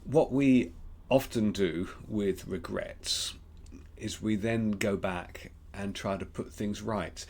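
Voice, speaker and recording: A man with an Australian accent giving a gentle, reflective Lenten devotional, pausing often with ums. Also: on the low side. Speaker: preacher.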